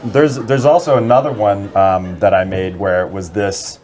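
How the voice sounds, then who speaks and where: A man's voice: on the low side, fairly even intonation, moderate pace, darkish tone, faint music behind. Man, plumber guest, casual chat, storytelling, acts out quotes.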